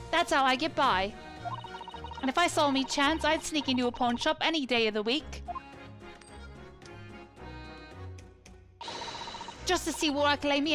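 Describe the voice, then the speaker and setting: A woman's voice: sits high, pitched above the performer's own voice, natural voice. A woman voicing a tough, defiant street-urchin girl with a cockney accent, curt and prickly. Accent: London cockney, put on. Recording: game music behind.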